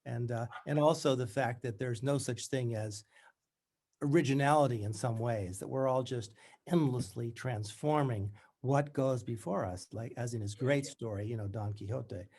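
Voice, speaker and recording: An author in his seventies speaks at a middle pitch, reflective and measured. He alternates thoughtful conversation with reading passages from his own book in a calm storyteller's way. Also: slight background noise. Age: 70s.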